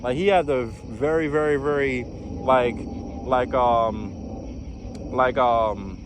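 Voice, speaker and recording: A man's voice: mid-range voice, fairly even intonation, takes it slowly, noisy background. A young man from New York, a former navy recruit, telling his story in a casual vlog with lots of fillers and restarts. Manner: rambling, many fillers and restarts.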